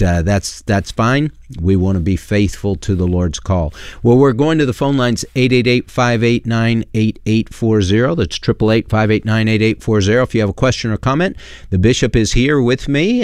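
A man's voice: fairly low pitch, darkish tone, clean tone, dry recording, studio quality. A man hosting a call-in radio show, speaking earnestly and plainly and taking callers.

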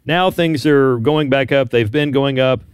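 A man delivers news on a talk radio show with a crisp, resonant voice. His manner is brisk and lightly wry. The studio sound is close and dry. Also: medium pitch, no room sound.

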